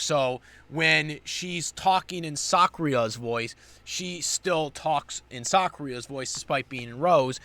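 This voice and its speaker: A man's voice: a little high, fairly bright tone, no echo. A man giving a casual spoken recap of an anime episode, rambling with many fillers and restarts. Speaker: anime reviewer.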